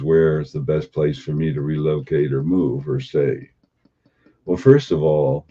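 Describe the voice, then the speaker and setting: Deep husky guy doing a calm spiritual talk, keeps repeating questions, kinda muffled lo-fi audio. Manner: unhurried, repeats rhetorical questions. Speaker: spiritual teacher. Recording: dull lo-fi recording.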